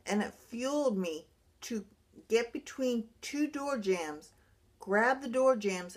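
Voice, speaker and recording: A middle-aged woman, a brain injury survivor, talking earnestly about her recovery in a halting way, often restarting her sentences. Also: on the high side, animated. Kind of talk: personal vlog monologue.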